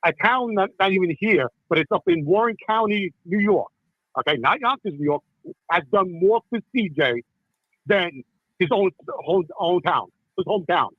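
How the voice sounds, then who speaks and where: Impassioned husky middle-aged man on a phone line. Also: high-pitched, expressive, normal speed, no room sound. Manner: impassioned, repeats "listen" and "okay". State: upset. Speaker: caller. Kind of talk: emotional call-in talk.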